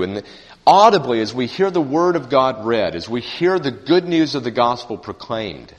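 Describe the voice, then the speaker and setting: A man's voice: mid-range voice, very animated, moderate pace, lo-fi sound. A male pastor preaching a sermon, earnest and emphatic, repeating phrases for stress. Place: church sanctuary. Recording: church sanctuary with long reverb.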